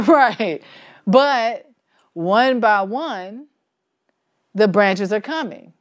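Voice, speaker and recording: A woman's voice: medium pitch, animated, drawn-out words. Chatty woman leading a Bible study. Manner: conversational, asks the group questions, laughs easily. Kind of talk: teaching a church Bible study discussion.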